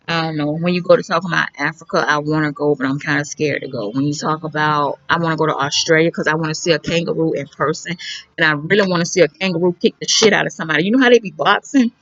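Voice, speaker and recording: A woman's voice: on the low side, fairly bright tone, no room sound, dull audio. A woman vlogger chatting outdoors by a pool, rambling in a candid, slangy way. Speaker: beauty vlogger. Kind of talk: casual chat.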